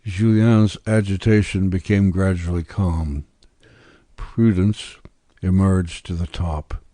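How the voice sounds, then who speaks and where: Deep, slow male audiobook narrator. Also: steady tone, dark tone, dry recording, studio quality. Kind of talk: audiobook narration of a classic novel.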